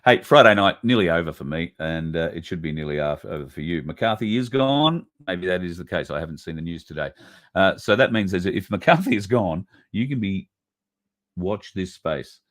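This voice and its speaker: A man's voice: sits low, lively intonation, moderate pace. A man hosting a livestream, ranting bluntly with swearing and reading out viewer comments. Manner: blunt, swearing, ranting with sudden loud bursts. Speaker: livestream host.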